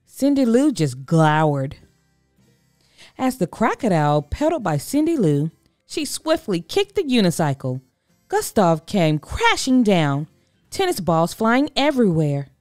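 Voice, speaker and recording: A woman reading a children's picture book aloud in an expressive, animated storytelling voice. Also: medium pitch, measured pace, no echo, clean studio sound, faint music behind.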